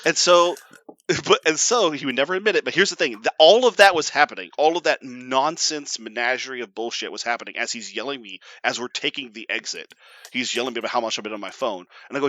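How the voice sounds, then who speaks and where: A young adult man co-hosting a podcast, telling a long, profane, animated story in casual chat and mimicking his father in quotes. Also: mid-range voice, quick pace, no room sound. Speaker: podcast co-host.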